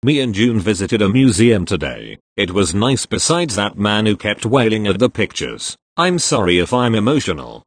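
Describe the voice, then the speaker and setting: A man's voice: on the low side, very animated, normal speed, few pauses, heavy background noise. A man narrating a comic fan video, reading made-up posts in a goofy, self-mocking way. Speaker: video creator.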